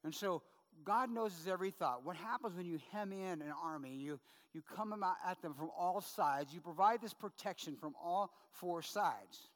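A man's voice: high-pitched, normal speed. A middle-aged male pastor preaching a sermon in a chatty, conversational way, often checking in with "right?" and telling funny stories from his own life. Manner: conversational, tag questions, humorous anecdotes. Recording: long hall reverb.

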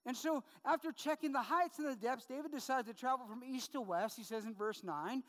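Male pastor, high voice, chatty sermon with many asides, hall reverb. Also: fairly quick, a bit bright. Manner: conversational, many fillers and rhetorical asides.

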